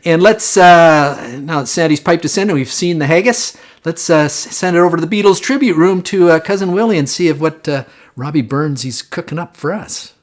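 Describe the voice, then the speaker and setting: A man's voice: on the high side, fairly quick. A man hosting a live online show in a chatty, casual way with lots of fillers, greeting viewers by name. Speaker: host.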